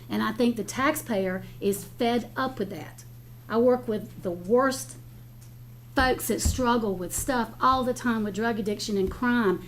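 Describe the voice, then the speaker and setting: A woman's voice: on the high side, slight background noise. An older woman county commissioner speaking bluntly and emotionally at a public meeting. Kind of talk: impassioned remarks at a public meeting.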